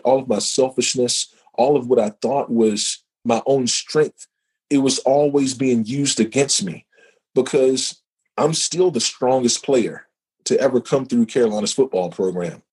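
A man's voice: medium pitch, a little mellow, slightly rough, low-quality recording. A middle-aged man and former football player, telling his personal testimony as a podcast guest in an emotional, emphatic way, often repeating words. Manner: emotional, emphatic storytelling with repetitions.

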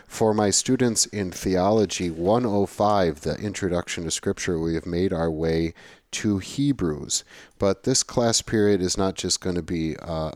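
A man's voice: low voice, a little mellow, dry recording. A man lecturing on theology to his students in a conversational, emphatic way, often repeating phrases. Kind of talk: recorded classroom lecture.

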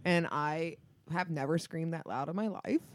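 A woman's voice: deep voice, normal speed. A woman chatting casually in a frank, matter-of-fact way. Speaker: conversation partner. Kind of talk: casual chat.

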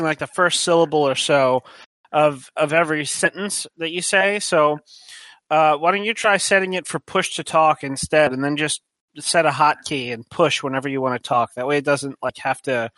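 A man patiently walks his friends through settings during an online tabletop game. His voice sits a little high and sounds dry and close, with no room around it. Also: moderate pace, a bit bright, no echo. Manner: helpful, explains step by step. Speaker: player. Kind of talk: casual voice chat.

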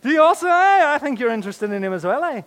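A man's voice: very high-pitched, big pitch swings, quick pace, fairly bright tone, in a large hall, pitched above the performer's own voice, heavily acted. A preacher putting on a cheeky blind man with a stage Irish accent. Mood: mocking. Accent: put-on stage Irish. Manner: cheeky, mocking.

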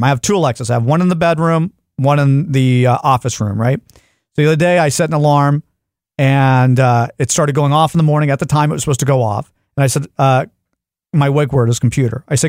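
A man's voice: medium pitch, fast, dry recording, clean studio sound. A man hosting a podcast, telling a comic story in casual chat and acting out his frustration. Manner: animated storyteller, acts out yelling at devices. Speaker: podcast host.

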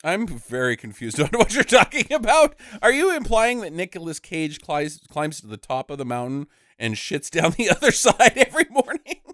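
A man co-hosting a podcast, riffing on a movie in casual chat, animated and profane with laughing asides. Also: sits high, moderate pace, hardly any pauses, dry recording, studio quality. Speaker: podcast co-host.

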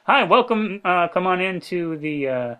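A man's voice: high-pitched, lively intonation, unhurried, a bit bright, smooth. A man hosting a comedy podcast, playing the bemused straight man in casual banter. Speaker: podcast host.

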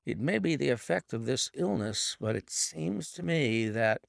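A man's voice: medium pitch, animated, unhurried, vocal fry, dry recording, studio quality. A male audiobook narrator voicing a bewildered, flustered police inspector who exclaims and protests.

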